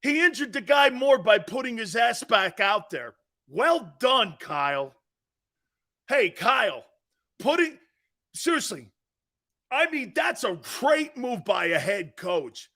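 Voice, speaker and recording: A man hosting a sports talk show, ranting loudly in a mocking tone and laughing often. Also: very high voice, sing-song, takes it slowly, pauses often. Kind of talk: sports opinion rant.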